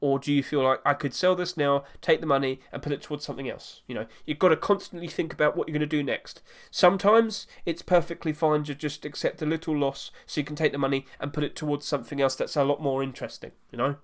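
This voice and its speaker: Guy rambling about skin prices, kinda high voice, fixes his words as he goes. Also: fairly even intonation, quick pace, few pauses. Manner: rambling, self-correcting, chatty. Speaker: gaming market commentator. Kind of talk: casual solo commentary.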